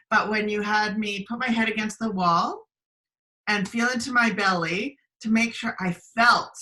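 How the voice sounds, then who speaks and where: A woman's voice: mid-range voice, sharp tone. A woman hosting an online interview on a video call, conversational and sometimes searching for words. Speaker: host.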